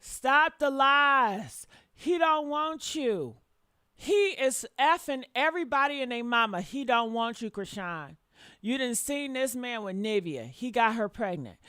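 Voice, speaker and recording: Hoarse lady ranting bluntly on a reaction show, kinda high, dry close sound. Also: a bit bright, no echo. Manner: blunt, profane, preachy. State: hoarse from yelling. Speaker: commentary show host. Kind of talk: reaction commentary.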